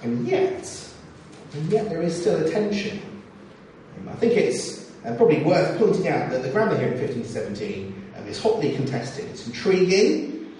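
A man's voice: fairly high pitch, normal speed, a little hiss or hum. Man preaching in an echoey hall. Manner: expressive, acts out scripture quotes. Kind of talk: sermon. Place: church or hall. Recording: echoey hall, distant mic, faint ambience.

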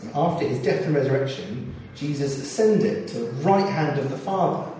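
Male preacher, lively, expressive sermon delivery, roomy echo, mic at a distance. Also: on the high side, normal speed, a little hiss or hum. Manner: expressive, acts out scripture quotes. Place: church or hall. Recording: echoey hall, distant mic, faint ambience.

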